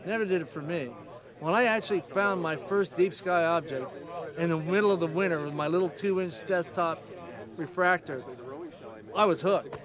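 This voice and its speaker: A high-pitched man speaks eagerly about telescopes in an outdoor interview, explaining things with plain enthusiasm. A clear crowd murmurs around him. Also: moderate pace. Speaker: amateur astronomer.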